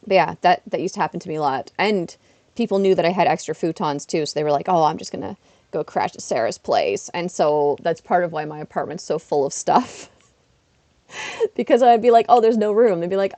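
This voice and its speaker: A woman chatting casually on a livestream while playing a game, self-deprecating and bursting into excited exclamations. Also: fairly low pitch, fairly quick, dry recording. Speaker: streamer. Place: her apartment.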